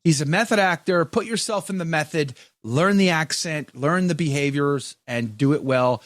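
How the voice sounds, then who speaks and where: A man's voice: on the high side, moderate pace, no room sound. A man hosting a podcast, chatting casually, joking and reading viewer comments aloud. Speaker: podcast host.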